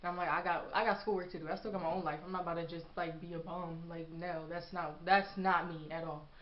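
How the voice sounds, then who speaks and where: A woman's voice: on the low side, fast talker. Sassy young woman telling a story. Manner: animated, acts out quotes with sass. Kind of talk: casual storytime vlog. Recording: echoey room, dull lo-fi sound.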